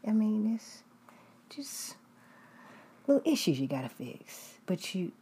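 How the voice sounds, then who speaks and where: A woman voicing a kindly female dentist who speaks softly and keeps coaxing her patient. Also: medium pitch, sing-song, slow, breathy edge, voice pushed up, full character voice. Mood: soothing. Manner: soft, coaxing, repeats "my friend".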